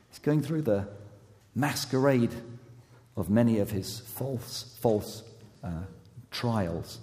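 A man with a croaky, hoarse voice, preaching a sermon as pastor. He is emphatic, then drops to soft, intimate tones. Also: lowish voice, big-room sound.

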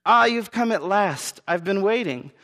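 A man voicing a patient, loving father who speaks calmly and tenderly to his daughter. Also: high-pitched, measured pace, long reverb tail, heavily acted. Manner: calm, tender, reassuring.

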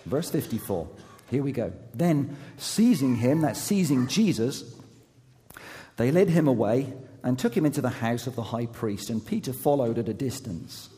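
A man with a croaky, hoarse voice, preaching a sermon as pastor. He is emphatic, then drops to soft, intimate tones. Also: mid-range voice, animated, moderate pace, big-room sound.

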